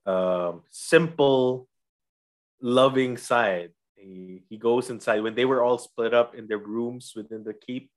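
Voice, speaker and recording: A man's voice: mid-range voice, fairly even intonation, slow pace. Enthusiastic man in casual chat. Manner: enthusiastic, acts out quotes. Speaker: podcast co-host.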